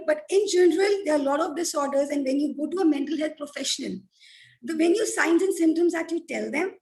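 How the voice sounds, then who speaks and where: High-voiced woman explaining anxiety. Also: creaky, rough recording. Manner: earnest, explanatory, frequent "you know" fillers. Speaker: mental health expert. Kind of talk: explanatory panel talk.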